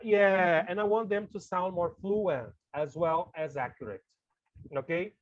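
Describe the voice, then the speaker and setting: A man's voice: sits high, a little slow, dull audio, slight background noise. A man with a Brazilian Portuguese accent, a native Portuguese speaker, gives a casual teacher-training talk to colleagues. He is chatty and keeps tagging his lines with "okay?" and "right?".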